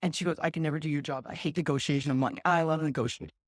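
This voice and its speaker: A woman's voice: low-pitched, fairly even intonation, rapid-fire, no room sound, clean studio sound. A woman who runs a festival, speaking frankly on a live conference panel. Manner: frank, plain-spoken, with restarts. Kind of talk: casual panel discussion.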